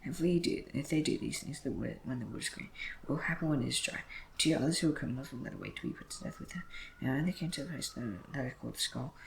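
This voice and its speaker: A man reading scripture aloud in a brisk way, often slipping and correcting himself as he goes. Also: medium pitch, wildly swooping pitch, gravelly, a little hiss or hum, rough recording. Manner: brisk reading with frequent slips and self-corrections. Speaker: Bible reader.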